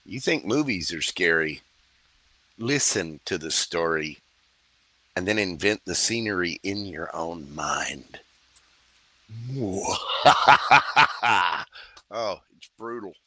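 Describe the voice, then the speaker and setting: A man's voice: deep voice, lively intonation, slow pace, pauses often, pushed and bright, no room sound. A man reading tarot on a livestream, joking and chatty in a playful mood. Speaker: tarot reader.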